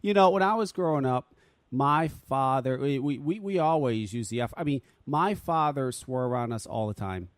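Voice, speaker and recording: A man's voice: mid-range voice, animated, normal speed, no room sound. A man hosting a casual podcast, laid-back and casually profane. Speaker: podcast host.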